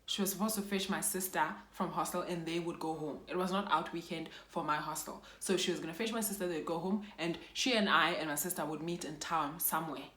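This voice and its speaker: A woman's voice: lowish voice, fairly quick, hardly any pauses, a bit bright, echoey room. A young woman from South Africa with a South African accent tells an emotional personal story for her vlog, slipping Xhosa phrases into her English. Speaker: YouTuber.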